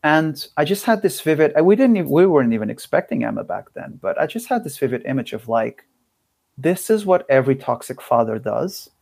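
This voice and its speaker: A man talking as a podcast guest, thoughtful and candid, speaking in halting phrases with frequent restarts. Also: on the high side, sing-song, vocal fry, darkish tone, no echo. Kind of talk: reflective conversational interview.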